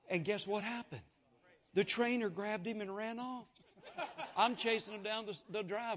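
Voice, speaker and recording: Preacher, male, high voice, folksy storyteller, muffled lo-fi recording. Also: moderate pace. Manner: folksy, animated testimony with acted-out dialogue. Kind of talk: sermon storytelling. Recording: dull lo-fi sound.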